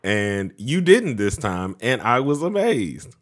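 A man co-hosting a casual podcast, deep-voiced and a bit congested from allergies, meandering and self-correcting as he talks. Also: big pitch swings, slow. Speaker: podcast co-host.

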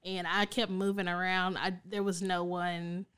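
A woman's voice: lowish voice, little pitch movement, a little slow, a bit bright, clear, resonant tone. A woman talking casually as a podcast guest, laughing often as she talks.

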